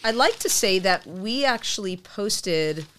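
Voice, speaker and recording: A woman's voice: medium pitch, lively intonation, a little slow, a bit bright, slight background noise. A woman co-hosting a podcast, a therapist who talks casually and rambles with fillers and restarts. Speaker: podcast co-host. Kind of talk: casual chat.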